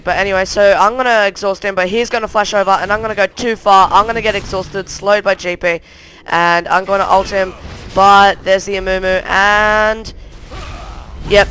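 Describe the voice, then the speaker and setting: A man's voice: high voice, bright, forceful tone, a little hiss or hum. A young man casually talking through a replay of his own match, rambling play-by-play that keeps circling back with "anyway". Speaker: gameplay commentator.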